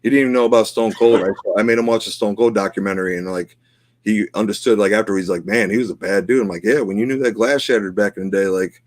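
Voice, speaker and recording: Middle-aged male podcast co-host, low voice, dry close sound, earnest and rambling delivery. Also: fairly even intonation, quick pace, no room sound. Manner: emotional, heartfelt, rambling with many fillers. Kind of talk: casual chat.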